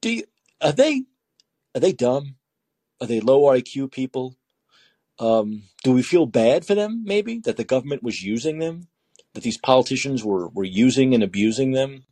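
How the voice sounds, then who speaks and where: A man hosts a late-night call-in show, mocking the news he reads aloud and laughing through it. His pitch swings widely and his voice has a husky edge. The sound is close and dry. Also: big pitch swings, normal speed, warm tone, no room sound. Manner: sarcastic, laughing while reading news aloud. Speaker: talk show host.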